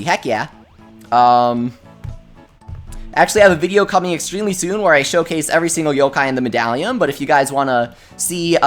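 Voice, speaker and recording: A young man hosting a casual game livestream, reading chat messages aloud and reacting with excitement. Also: a little high. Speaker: gaming livestreamer.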